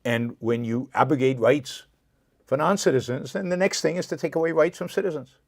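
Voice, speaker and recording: A man's voice: fairly high pitch, fairly quick, gravelly, no echo, studio quality. A man hosting a live political commentary show, speaking with impassioned indignation and answering viewer comments directly. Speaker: show host.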